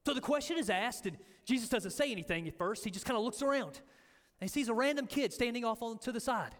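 Male pastor, high voice, lively storyteller, long reverb from a big echoey hall. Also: fast talker. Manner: animated storytelling, acting out quotes. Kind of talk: sermon.

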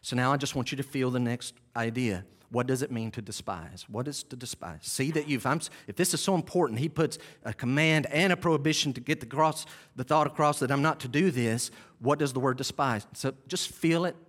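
A man's voice: mid-range voice, brisk, few pauses, fairly bright tone. A man preaching a sermon as pastor, emphatic and repeating key phrases, with conversational asides to the congregation. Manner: conversational asides, self-deprecating. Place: church sanctuary.

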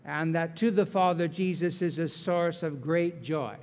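A man delivers a sermon in an earnest, emphatic way, his voice sitting a little high. He takes his time, leaning on key words. The sound rings with the long reverb of a large hall. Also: unhurried, a little mellow. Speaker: pastor.

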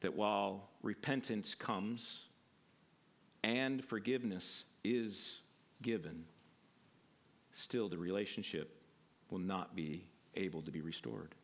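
A man's voice: lowish voice, slow, vocal fry, pauses often. A male pastor preaching a sermon and reading scripture in a casual, conversational way, with frequent fillers.

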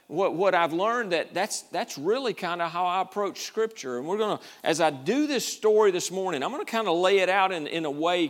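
A middle-aged man delivers a sermon in a folksy, rambling style, full of asides. His voice sits notably high for a man. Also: a bit bright. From Georgia. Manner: folksy, conversational, drawling with y'all and ain't. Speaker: pastor.

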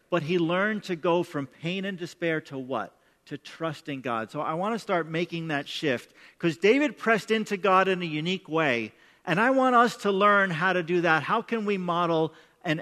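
Bright, high-voiced preacher in a reverberant hall. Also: male voice. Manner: conversational and emphatic, repeats words when starting sentences. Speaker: pastor. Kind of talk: sermon. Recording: long reverb of a large hall.

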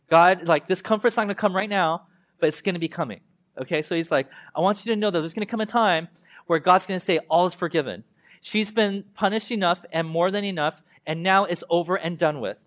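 A man preaches in a relaxed, conversational way, slipping into voices to act out the people in the scripture. His voice sits a little high for a man, and his delivery swings between loud and soft. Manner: conversational, animated, acts out voices of God and prophet. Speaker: pastor. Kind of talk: sermon.

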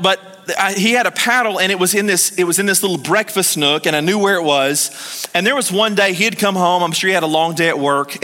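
A man preaching a sermon as pastor of a church, telling stories in a lively way and calling on the congregation to answer him. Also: high-pitched. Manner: lively storytelling, calls on the congregation to respond. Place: church hall. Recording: long hall reverb.

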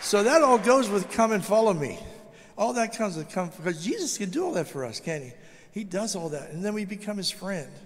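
A high-pitched older man delivering a testimony sermon, lively and storytelling, acting out the voices in his tale. His voice rings with a long reverb, as if heard in a large church sanctuary. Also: brisk, a faint crowd, slight background noise. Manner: animated storytelling, acts out quoted dialogue. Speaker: guest speaker.

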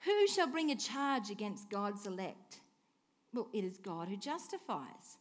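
A woman preaching a sermon, asking rhetorical questions and swinging between hushed and emphatic lines. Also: mid-range voice. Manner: expressive, swings from soft hush to emphatic declaring; slow, deliberate delivery with rhetorical questions.

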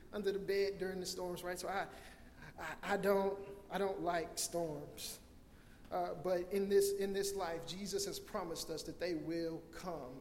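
A high-voiced man preaches an impassioned sermon, circling back over his words and restarting phrases. His voice rings through an echoey hall with a long reverb tail and faint room ambience. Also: a little hiss or hum. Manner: impassioned preaching, acts out scenes in loud cries. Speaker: pastor.

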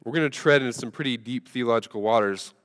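A man preaching a sermon, telling a funny story in a relaxed, conversational way with lots of fillers. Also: medium pitch, fast. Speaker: pastor. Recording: long reverb from a large hall.

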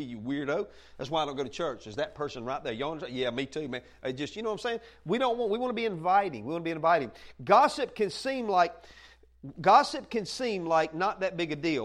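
A man preaching in a loose, folksy way, his voice sitting a touch higher than most men's. He keeps it lively and conversational, moving between plain teaching and playful asides to the room. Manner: folksy and animated, acts out quoted voices, laughs often. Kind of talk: conversational sermon. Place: church meeting room with listeners.

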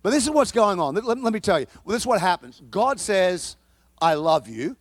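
A man with a notably high voice delivers a sermon in a lively, conversational manner, tossing in playful asides. The sound is close and dry, with no room echo. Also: fast talker. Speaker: preacher.

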